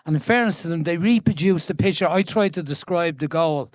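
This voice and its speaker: Dublin fella in his 70s yarning away, highish voice, dry sound. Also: fairly quick, no room sound. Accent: Dublin Irish. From Ireland. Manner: chatty, animated storyteller with frequent restarts and laughs. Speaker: guest being interviewed. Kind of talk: storytelling conversation. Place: event stage before an audience.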